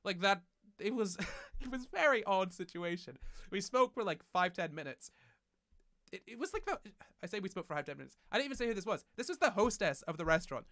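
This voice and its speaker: A man's voice: high voice, a bit bright, no echo, studio quality. A young man streaming from his desk at home, chatting in a rambling, self-correcting way with light laughs, into a desk mic. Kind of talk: casual livestream chat. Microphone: desk microphone.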